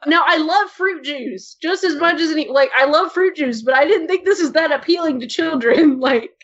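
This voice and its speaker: A woman with a fairly high voice gushes on a casual podcast, tumbling through sentences packed with "like". The audio is dull and lo-fi. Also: fairly bright tone. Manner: gushing, fast, full of "like". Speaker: podcast co-host. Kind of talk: casual chat.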